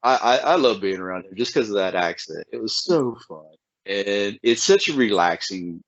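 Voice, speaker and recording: Podcast host: man, Appalachian accent, lively swinging pitch, dry lo-fi sound. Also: moderate pace, dry recording. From Southern Ohio, USA. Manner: animated, stumbling restarts. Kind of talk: casual chat.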